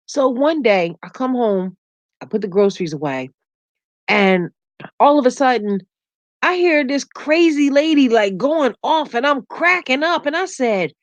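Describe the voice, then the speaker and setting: A middle-aged woman hosting a casual livestream, chatting with viewers, laughing often and telling animated stories. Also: high voice, normal speed, no echo, muffled recording. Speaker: YouTube livestream host. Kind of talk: casual livestream chat reading comments.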